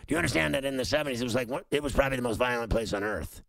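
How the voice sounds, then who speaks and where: Gravelly, rambling New talk-show host. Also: male voice, medium pitch, very fast, poor audio. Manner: rambling, animated, with many fillers and restarts. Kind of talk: casual storytelling.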